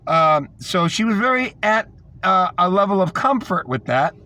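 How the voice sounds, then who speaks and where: A man's voice: sits high, lively intonation, moderate pace, bright, forceful tone. A man delivering a rambling, scornful monologue, repeating himself as he tells a story. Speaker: podcast host. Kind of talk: ranting monologue.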